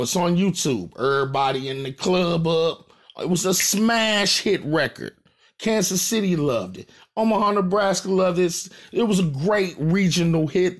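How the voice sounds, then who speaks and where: A man from St. Louis with a St. Louis accent, talking straight to his audience in a profane, animated rant and repeating his points for emphasis. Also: high voice, normal speed. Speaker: rapper. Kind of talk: casual direct-to-camera rant.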